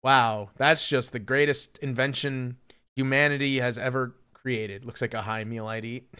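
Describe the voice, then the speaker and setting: Bright-voiced swearing young streamer. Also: male voice, medium pitch, fairly even intonation, normal speed, clear, resonant tone. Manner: profane, mocking, incredulous. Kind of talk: casual livestream rant.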